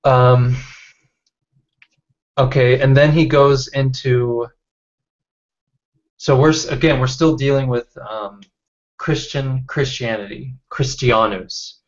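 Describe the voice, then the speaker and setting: A man leading a casual online study group, reading out chat comments and talking with halting restarts over a video call. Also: mid-range voice, fairly even intonation. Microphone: computer mic on video call. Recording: dull lo-fi call audio.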